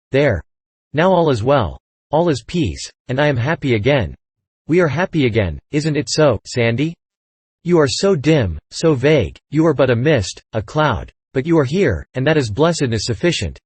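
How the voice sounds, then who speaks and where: A man's voice: medium pitch, darkish tone, slightly rough, no echo. A man doing a delirious dying man, pleading. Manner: broken, pleading, tender.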